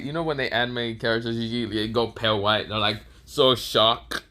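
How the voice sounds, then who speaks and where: A man's voice: mid-range voice, normal speed, sharp tone. A man casually telling a fan-made story, rambling, searching for words and laughing at his own jokes.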